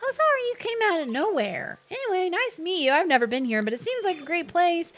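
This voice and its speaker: A woman voicing a cheerful, friendly young male fire creature in a game, eager and bright in manner. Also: very high voice, big pitch swings, fast talker, voice pushed up, heavily acted.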